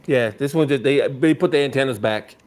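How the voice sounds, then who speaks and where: A man's voice: medium pitch, a little fast, a little mellow. A man chatting on a live stream, joking and teasing the host. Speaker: regular guest on a live show. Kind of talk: casual live-stream chat.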